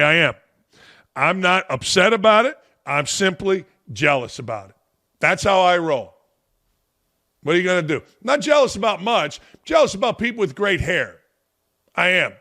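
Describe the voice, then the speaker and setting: A man hosting his own talk show, ranting in a brash, mocking way. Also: on the high side. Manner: brash, mocking, loud jabs. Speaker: podcast host. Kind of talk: opinion rant on a talk show.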